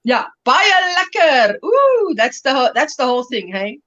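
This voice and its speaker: Middle-aged woman, South African accent, bright and chatty, livestream host, lo-fi sound. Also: high voice, very animated, normal speed. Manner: chatty, laughing, reads viewer comments aloud. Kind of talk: casual chat while crafting.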